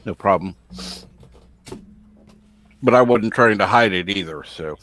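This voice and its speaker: A man's voice: lowish voice, a little fast, a bit bright, no room sound. Easygoing male host, dry sound. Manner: easygoing, rambling anecdote. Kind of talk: casual chat.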